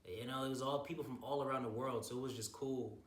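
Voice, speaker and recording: A young bodybuilder vlogger recaps his bodybuilding show casually, hyped and rambling with plenty of swearing. His mid-range voice is steady and fast, and the roomy recording sounds distant from the mic with faint noise.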